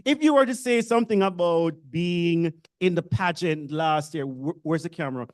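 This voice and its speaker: A Jamaican-accented speaker talks at normal speed in a mid-range voice, giving new university students an informal orientation. They joke around, tease the audience, make fun of themselves, and chat with the room.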